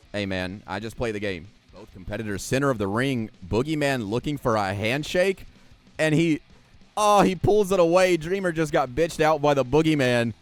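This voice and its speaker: A man giving play-by-play wrestling commentary over a video game, sarcastic and jokey and swearing freely. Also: medium pitch. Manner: jokey, laughs at what he describes.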